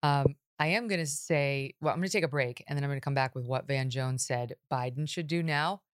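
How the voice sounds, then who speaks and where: A woman hosting a political talk show, directing the conversation briskly. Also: rumbling low, dry recording, studio quality.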